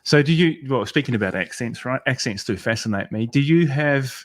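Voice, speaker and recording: A man's voice: medium pitch, animated, fairly quick, no echo. Easygoing male host on a video call. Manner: easygoing, laughs often, reads questions aloud. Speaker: host reading viewer questions. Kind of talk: casual live Q&A.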